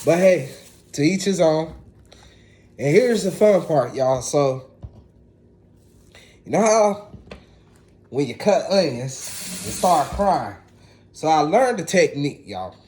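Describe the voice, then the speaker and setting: A man's voice: a little high, sing-song, takes it slowly, pauses often, a little mellow. Laid-back man chatting while cooking. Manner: laid-back, chatty, talks straight to viewers. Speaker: home cook. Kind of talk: casual cooking vlog.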